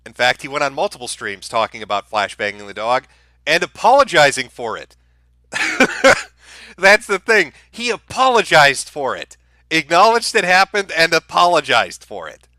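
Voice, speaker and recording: Bright-voiced heated male streamer. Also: mid-range voice, sing-song, normal speed, no echo. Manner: heated, profane, sarcastic rant. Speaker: streamer host. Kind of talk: live-stream commentary.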